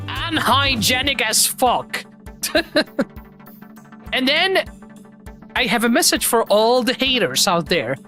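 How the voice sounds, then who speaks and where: During a live game stream, a woman with a high-pitched voice drawls slowly as she cracks loud jokes over a party game. She laughs a lot and swears freely, with music clearly audible behind her.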